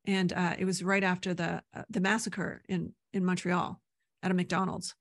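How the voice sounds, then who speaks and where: Gravelly-voiced woman telling stories, dry sound. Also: on the low side, little pitch movement, moderate pace, dry recording. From Canada. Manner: rambling storyteller, many "right?" tags. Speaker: podcast guest. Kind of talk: casual interview chat.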